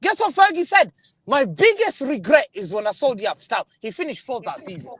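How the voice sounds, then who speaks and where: A man's voice: very high voice, big pitch swings, a bit bright, husky, no room sound. Insistent man arguing in a fan debate. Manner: fast, insistent, talks over others. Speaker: guest panelist. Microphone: video call.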